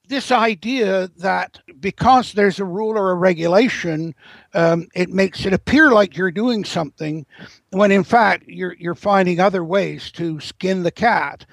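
A man with a high, gravelly voice talks as a guest in an interview, winding through long explanations and often restarting his sentences. The sound is close and dry. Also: no echo, poor audio. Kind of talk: interview commentary.

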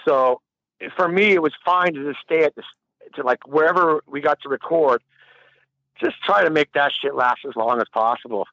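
A man's voice: fairly high pitch, normal speed, no room sound, lo-fi sound. A man telling a long, rambling story in a casual interview, laughing and swearing freely. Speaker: musician guest.

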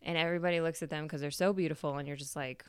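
A woman with a low, steady, smooth voice talks rapid-fire in a dry recording. She's a podcast host telling a story in a chatty, casual way, swearing freely and laughing.

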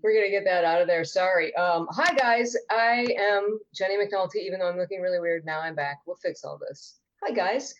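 A woman's voice: lowish voice, moderate pace, hardly any pauses, muffled recording. A woman guest on a video call podcast panel, talking in a playful, joking way. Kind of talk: casual chat.

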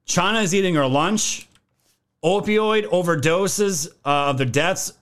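A man's voice: sits high, measured pace, fairly bright tone. A man hosting a podcast, giving casual political commentary in a joking, profane way. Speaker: podcast host.

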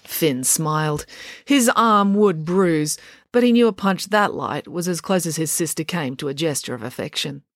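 A woman reading a children's chapter book aloud, steady and expressive. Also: low-pitched, normal speed, no echo, studio quality. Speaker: storyteller.

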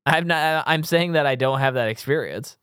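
A man's voice: fairly high pitch, moderate pace, a bit bright, clear, resonant tone, no room sound, clean studio sound. A man in his thirties co-hosting a podcast, chatting casually about a movie, rambling and correcting himself with jokes. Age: 30s. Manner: rambling, self-correcting, joking. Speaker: podcast co-host. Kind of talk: casual movie-review chat.

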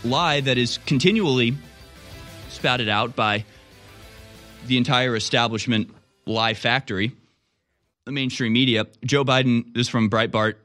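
A man's voice: medium pitch, unhurried, pauses often, fairly bright tone, faint music behind. Indignant, sarcastic male talk host. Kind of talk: political commentary.

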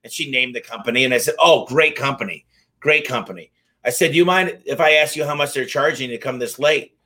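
An energetic man tells his stories in a bright, forceful voice. He sits at a middling pitch and jumps into the dialogue, playing everyone in his tale. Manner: energetic, fast-moving anecdotes with acted-out dialogue. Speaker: garage door company owner, guest. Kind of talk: casual interview storytelling.

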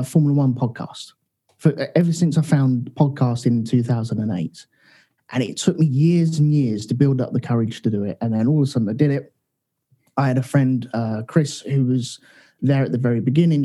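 Man, podcast co-host, casual chat, mellow, a bit raspy, laid-back. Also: medium pitch. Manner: laid-back, jokey storytelling.

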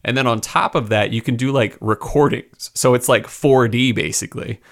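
A man's voice: medium pitch, normal speed, creaky. A young man co-hosting a podcast, chatting in an upbeat way and laughing often as he talks. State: expecting father. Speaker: podcast co-host. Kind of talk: casual chat.

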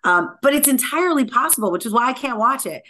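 A woman's voice: sits high, quick pace, a little hiss or hum. A woman being interviewed as a tech guest, talking energetically with lots of filler words. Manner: energetic and talkative, many "like" fillers. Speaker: guest technologist. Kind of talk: conversational podcast interview.

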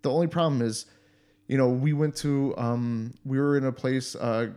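A man's voice: mid-range voice, fairly even intonation, moderate pace, dark tone, smooth. A man in casual podcast chat, telling stories animatedly and swearing freely. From United States.

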